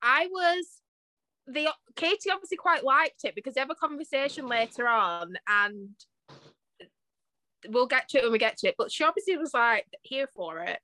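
Bright, high-voiced chatty young Englishwoman. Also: animated, moderate pace, no room sound. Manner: chatty, laughs often, many ums. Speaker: podcast co-host. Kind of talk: casual chat.

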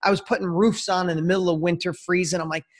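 A man in his fifties, a podcast guest, telling a personal story in an energetic, slangy way and talking straight to the host. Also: sits high, fast talker. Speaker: interview guest. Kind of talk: casual storytelling.

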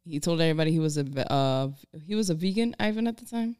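A woman in a casual podcast chat, asking questions and jumping in with quick remarks. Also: deep voice, animated, a little mellow, smooth. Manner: asks questions, quick interjections.

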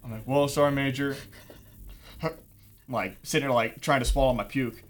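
A man's voice: medium pitch, fairly even intonation, normal speed, a crowd in the background. Young guy, casual storyteller, heavy swearing, acts out the dialogue. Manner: profane, rambling, acts out dialogue. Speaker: guest telling a story.

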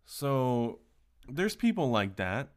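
A man's voice: mid-range voice, big pitch swings, slow pace. A man hosting a casual solo podcast, telling stories in a profane, ranting way. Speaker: podcast host.

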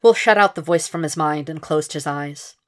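Low-voiced woman narrator, steady measured fan fiction reading. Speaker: podfic reader.

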